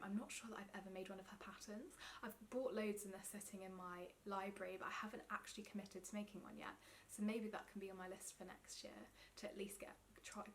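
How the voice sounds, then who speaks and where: Young english woman rambling happily on her knitting vlog, lots of ums and tangents, slight noise in the room. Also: medium pitch. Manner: chatty, enthusiastic, with many ums and side notes. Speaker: knitting vlogger. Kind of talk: casual chat to camera.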